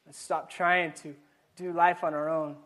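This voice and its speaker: A man giving a conversational sermon to a live congregation, animated and questioning the audience, often stumbling and repeating words. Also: a little high, measured pace. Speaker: pastor. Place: church before a live congregation.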